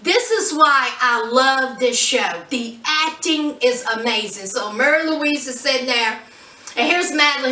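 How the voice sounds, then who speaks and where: A woman recapping a TV episode in a chatty, animated vlog, talking straight to her viewers. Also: high-pitched, unhurried, roomy sound, recorded from a distance. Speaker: TV show reviewer.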